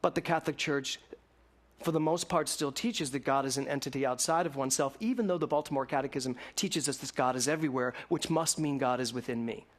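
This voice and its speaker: A man preaching a sermon to a congregation, swinging between loud emphatic lines and hushed ones. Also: medium pitch, brisk. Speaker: minister.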